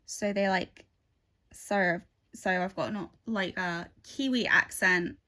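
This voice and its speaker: A woman's voice: medium pitch, steady tone, takes it slowly, bright, forceful tone. A woman chatting casually while she stitches at home. She rambles through asides, recorded on a phone. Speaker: craft vlogger.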